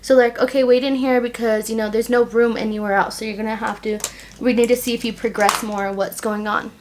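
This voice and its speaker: A woman's voice: fairly high pitch, brisk, background noise. A young woman with a slightly raised voice chatting to her viewers as she does her makeup. She rambles and leans on "like", and acts out what people said to her as she retells the story. It sounds like an easy, personal get-ready-with-me vlog. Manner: chatty, heavy use of "like", animated retelling. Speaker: vlogger.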